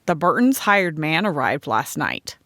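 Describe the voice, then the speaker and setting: Woman voicing brisk teasing Sarah Jane. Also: deep voice, sing-song, fairly bright tone, no room sound, clean studio sound, pitched below the performer's own voice, full character voice.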